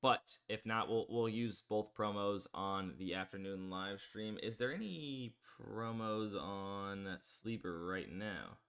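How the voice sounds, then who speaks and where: A man runs a live sports betting stream, speaking slowly with few pauses in a lowish, fairly bright, clear and resonant voice. His talk is rambling and stuffed with fillers as he goes through odds and promotes promo codes.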